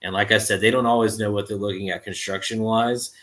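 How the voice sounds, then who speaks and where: A man's voice: on the low side, steady tone, quick pace, fairly bright tone. A man in casual podcast chat, plainly explaining how contractors should run their jobs. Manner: matter-of-fact, explains business practice plainly.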